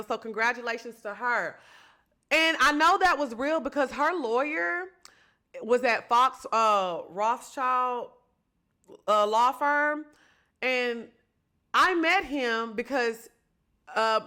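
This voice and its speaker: Woman podcast host, chatty and sassy in her gossip commentary, with a bright, slightly high voice. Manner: chatty, sassy, addresses listeners directly. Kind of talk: solo reality-TV gossip commentary.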